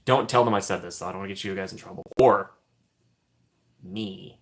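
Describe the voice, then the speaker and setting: A young livestream host chats easily with viewers in a low, brisk voice. Frequent laughter breaks up his answers, and he often trails off into a soft mumble at the end of a thought.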